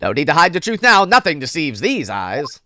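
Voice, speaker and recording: A woman's voice: low-pitched, big pitch swings, normal speed, sharp tone, a little hiss or hum, full character voice. A woman voicing a boastful, eccentric male detective with a put-on transatlantic accent, declaiming theatrically. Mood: smug. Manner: theatrical, self-satisfied declaiming. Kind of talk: game dialogue read aloud.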